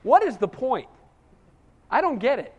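A man's voice: very high-pitched, very animated, unhurried, a little mellow, slightly rough, long reverb tail, lo-fi sound. A man preaching a sermon as pastor, emphatic and conversational, often asking his congregation "Amen?".

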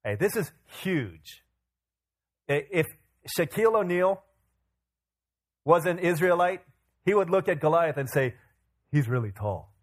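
A male pastor preaching a sermon in an animated, casual storytelling way. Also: high-pitched, a little slow, long pauses.

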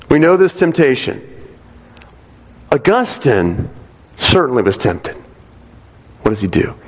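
A man preaching a sermon to a congregation in a conversational way, often checking in with "right?". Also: mid-range voice. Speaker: pastor. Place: church sanctuary. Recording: long reverb of a large hall.

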